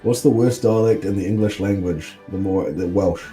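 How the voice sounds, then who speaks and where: A man's voice: low-pitched, moderate pace, warm tone, faint music behind. A man with a New Zealand accent, co-hosting a casual livestream chat, laughing often and swearing freely. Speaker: co-host.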